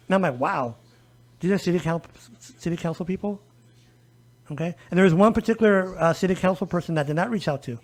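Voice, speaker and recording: A man with a high voice speaks as a disability rights advocate in a relaxed podcast conversation. He tells his story with animation and acts out the dialogue of the people he quotes. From El Paso, Texas.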